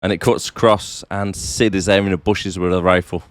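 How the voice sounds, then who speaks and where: A man co-hosting a casual podcast, summarising plot in a relaxed way with frequent tag questions. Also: low voice, a little fast, no room sound. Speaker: podcast co-host. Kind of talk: casual chat.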